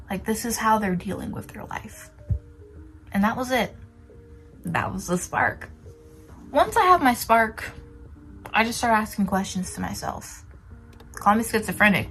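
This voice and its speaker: A twenty-year-old woman chatting casually about how she writes, self-deprecating and talkative, now and then dropping into soft whispered asides. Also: medium pitch, poor audio. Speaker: writer sharing writing tips. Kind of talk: casual chat to camera.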